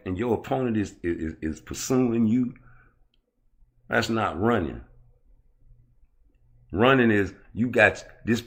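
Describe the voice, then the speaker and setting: A man's voice: fairly low pitch, bright, forceful tone. A man hosting a casual livestream, rambling and cursing as he answers chat comments. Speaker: livestream host.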